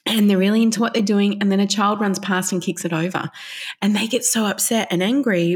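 A woman's voice: medium pitch, brisk, breathy edge. Middle-aged woman, vivid storyteller. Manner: vivid storytelling, briefly acting out parents and children in raised voices. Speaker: parenting counsellor. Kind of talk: explaining in a podcast interview.

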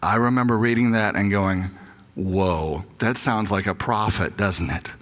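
A man's voice: on the low side, a little slow, fairly bright tone. An older man giving a conversational sermon as a pastor, telling candid personal stories and acting out his own doubts aloud.

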